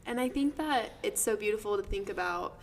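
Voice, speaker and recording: A woman's voice: mid-range voice, fairly quick, creaky. A woman hosting a casual interview, answering her guest with enthusiastic, affirming remarks. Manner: warmly affirming, enthusiastic reactions. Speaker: podcast host.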